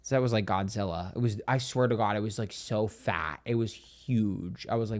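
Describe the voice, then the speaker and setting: A man hosting a psychic livestream, telling stories in a sassy, dramatic, profane way, speaking quietly on a train. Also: on the low side, moderate pace, hardly any pauses. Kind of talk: casual livestream chat.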